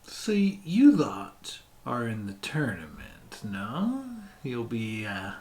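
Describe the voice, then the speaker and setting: A man voicing a shrewd male merchant who haggles over prices with pauses and drawn-out terms. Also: mid-range voice, wildly swooping pitch, darkish tone. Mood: bargaining.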